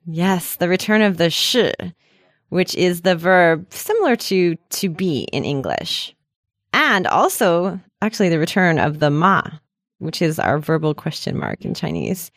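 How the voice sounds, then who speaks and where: A woman's voice: fairly low pitch, sing-song, measured pace, no echo, clean studio sound. A woman co-hosting a language lesson, chatty and explaining patiently with frequent laughs. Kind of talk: casual podcast lesson.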